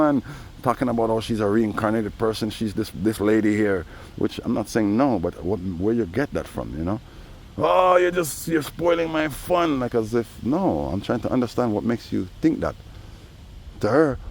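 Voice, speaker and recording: A vlogger with a fairly low, somewhat dark voice rambles through a casual outdoor monologue. He drops "you know" every few phrases while faint traffic hums behind him.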